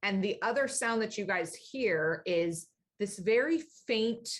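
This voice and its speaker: A woman's voice: medium pitch, animated, unhurried. A woman narrating a tabletop game as dungeon master in a loose, chatty way with many fillers.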